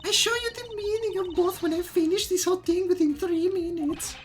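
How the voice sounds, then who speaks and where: A woman voicing an arrogant young female prosecutor in a squeaky, exaggerated put-on German accent. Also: brisk, soft background music. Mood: haughty. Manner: imperious, cartoonish.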